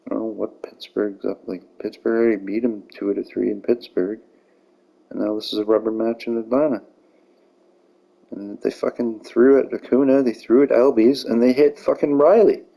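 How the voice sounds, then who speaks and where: Male gamer, husky and gravelly, cursing through casual play-by-play and blowing up at calls. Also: lowish voice, fairly even intonation, normal speed, mellow, low-quality recording. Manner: profane, ranting, gets heated over calls. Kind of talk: casual gameplay commentary.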